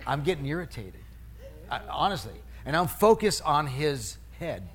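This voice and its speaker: A man's voice: medium pitch, expressive, normal speed, slight background noise. A middle-aged male pastor preaching a sermon in a conversational, storytelling way, restarting phrases and poking fun at himself. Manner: conversational preaching, storytelling with self-mocking humor; restarts and self-corrections mid-phrase.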